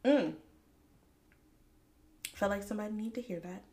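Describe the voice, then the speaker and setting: A woman talking a faith-based pep talk on her own podcast. She speaks straight to the listener with a lively, preachy energy and laughs often. Her voice sits at an ordinary middle pitch. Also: moderate pace. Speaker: podcast host.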